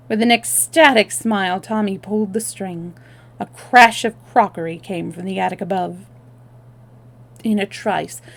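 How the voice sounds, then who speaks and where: A woman storyteller reading a novel aloud on a livestream, expressive, with small self-corrections. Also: on the low side.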